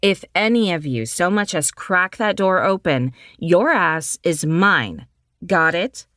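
A woman's voice: on the low side, lively intonation, slow, fairly bright tone, no room sound, clean studio sound. A woman voicing a tough, protective young woman who talks bluntly and swears. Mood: stern.

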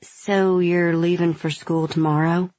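A woman narrator voicing a gentle young man who says a soft-spoken, sincere goodbye. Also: on the high side, level tone, a little slow, dry recording, muffled recording, close to an everyday voice. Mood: tender.

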